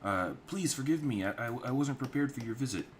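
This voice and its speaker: A man voicing a flustered, fussy male innkeeper who exclaims in a high, frantic voice. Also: animated, fairly quick, a little hiss or hum, lightly acted. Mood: nervous.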